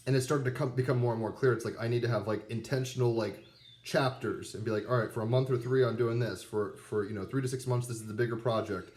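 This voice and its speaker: A man's voice: mid-range voice, steady tone, fast, a little mellow. A man in his thirties giving a rambling, casual tarot pep talk full of fillers and asides. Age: 30s. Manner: rambling, conversational, many fillers. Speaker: tarot reader. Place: abroad with dogs nearby.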